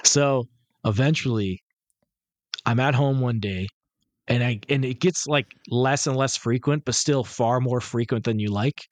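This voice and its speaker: A man's voice: medium pitch, a little slow, no room sound. A man co-hosting a podcast, telling a rambling, profane story and acting out the quotes. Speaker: podcast co-host. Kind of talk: casual storytelling chat.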